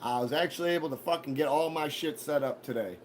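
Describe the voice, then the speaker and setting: A man's voice: fairly high pitch, quick pace, slight background noise. A man hosting a casual live stream, rambling to his viewers with profane, mock-threatening banter. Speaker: livestream host.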